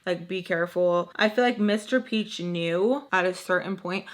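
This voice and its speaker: A woman's voice: lowish voice, normal speed. A woman vlogger telling a personal story in a chatty way, filling her sentences with "like". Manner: chatty, constant filler "like". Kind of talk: casual storytime.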